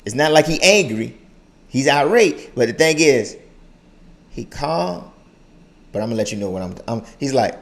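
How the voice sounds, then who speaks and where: Young male reaction host, gravelly tone, lively swinging delivery, repeats himself for emphasis. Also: mid-range voice, normal speed, long pauses. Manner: animated, repeats phrases for emphasis. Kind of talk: casual reaction commentary.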